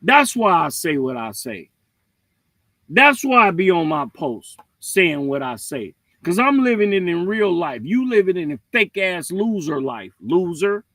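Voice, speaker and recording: A man hosting a livestream, ranting in a blunt, profane and mocking way, with swings between loud and quiet. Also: high voice, very animated, unhurried, no echo, low-quality recording. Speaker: livestream host. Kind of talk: heated livestream rant.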